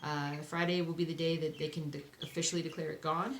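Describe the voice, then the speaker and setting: Young woman, sleepy, rambling chat, slightly low voice, echoey room. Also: little pitch movement, fast talker. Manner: rambling, self-reassuring, many fillers. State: sleepy, yawning. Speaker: cross stitch vlogger. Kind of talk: casual chat to camera. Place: home. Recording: echoey room, faint noise.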